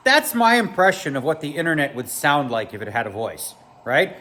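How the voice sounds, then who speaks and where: A man's voice: medium pitch, expressive, fairly quick, few pauses, pushed and bright. Chatty man vlogging at home. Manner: chatty, joking, talks to his dogs. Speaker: vlogger, poker player. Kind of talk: casual vlog talk to camera. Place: home, backyard and indoors.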